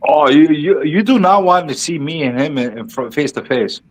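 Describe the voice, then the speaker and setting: A man with a slightly high voice stammers through a casual comic book podcast chat. He plays up a mock-indignant tone, repeating his words as he pushes his point. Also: moderate pace.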